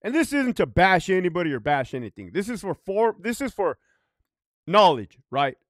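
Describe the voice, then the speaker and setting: A man's voice: high voice, sing-song, normal speed, no room sound, clean studio sound. A man, a former prison guard, telling stories in a casual, profane, emphatic way, often checking in with "right?". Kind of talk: casual storytelling monologue.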